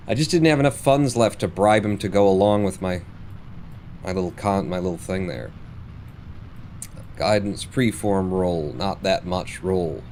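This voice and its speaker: A man's voice: low-pitched, darkish tone, slight background noise. A man streaming a space game live, muttering and swearing at the game with sarcastic frustration. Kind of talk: live gameplay commentary.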